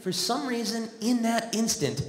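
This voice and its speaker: A man's voice: very high-pitched, unhurried. A male comedian telling a stand-up story on a theatre stage with a dry, wry comic delivery. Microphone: stage microphone. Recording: echoey theatre hall from a distance.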